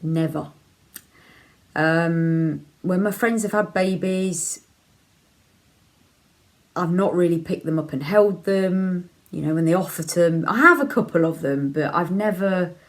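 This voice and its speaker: A middle-aged woman from Leicester, speaking with that local accent in a low voice. She chats openly and casually to camera while answering viewer questions, filling her pauses with ums and laughing easily. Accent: Leicester English. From England (Leicester). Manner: chatty, frank, laughs easily, many ums. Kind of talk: casual chat.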